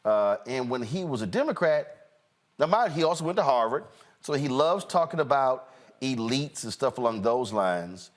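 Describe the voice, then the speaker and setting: Guy hosting a political talk show, mocking and animated, keeps trying to play clips. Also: medium pitch, normal speed. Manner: animated, mocking, talks while fumbling with playback. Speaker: host. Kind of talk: casual political commentary.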